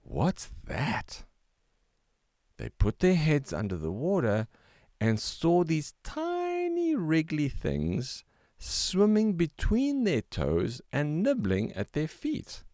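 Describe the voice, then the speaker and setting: An older man narrating a children's story in a gentle, expressive read-aloud manner. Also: fairly high pitch, slow pace, dry recording, clean studio sound.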